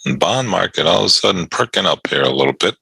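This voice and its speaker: A man with an extremely deep, gravelly voice, hosting a trading session and chatting in a relaxed, offhand way. His tone is husky yet bright-edged, and his stories ramble along amused, broken up by chuckles. The sound is close and dry. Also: fast, no room sound, poor audio. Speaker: day trading show host. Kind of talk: casual chat during a live trading session.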